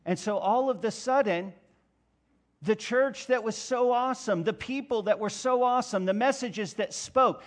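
Preaching to his congregation, this pastor throws out rhetorical questions and climbs toward loud, forceful stretches. He speaks in a high voice at a moderate pace.

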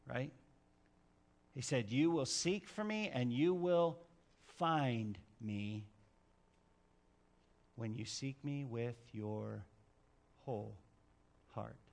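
A man preaching a sermon, telling stories with dramatic swings from hushed to loud. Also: mid-range voice, very slow, gravelly, pauses often. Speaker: pastor.

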